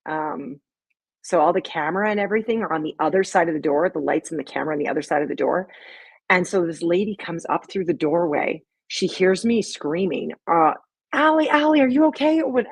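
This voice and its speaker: Husky-voiced woman chatting on a live stream. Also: lowish voice, no echo. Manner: chatty, rambling storytelling with many fillers. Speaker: sketch comedy creator and host. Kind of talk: casual live-stream commentary.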